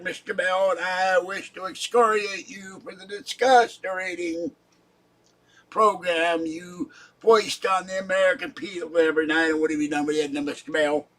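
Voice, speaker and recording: A pompous self-crowned general, put on by a man, thunders slow denunciations in a raised, loud voice. He draws out each title with mock grandeur. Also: fairly even intonation. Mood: indignant. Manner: pompous, denouncing, booming slow proclamations. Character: blustering self-proclaimed ten-star general of the Lord, male. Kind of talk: livestream character bit.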